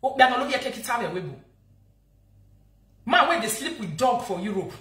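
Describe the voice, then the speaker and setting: A woman's voice: fairly high pitch, big pitch swings, fairly quick, fairly bright tone, roomy sound. A woman with a Nigerian accent, scolding and insulting someone in a heated live-video rant. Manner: angry, insulting, repetitive scolding. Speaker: social media vlogger.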